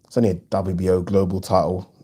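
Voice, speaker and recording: A man's voice: deep voice, level tone, fast, warm tone, husky. A man hosting a live boxing watch-along, chatting casually and frankly, reading viewers' comments with plenty of ums. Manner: chatty, frank, swears freely, frequent ums.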